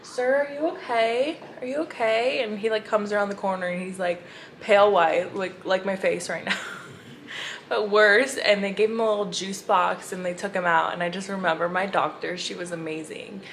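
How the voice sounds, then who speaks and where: A young woman in a casual vlog, talking straight to her viewers in a gushing, storytelling way. Her pitch sits in an ordinary middle range. A faint hiss runs under her voice. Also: fairly even intonation, moderate pace, a bit bright. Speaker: book vlogger. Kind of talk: casual chatty reading vlog.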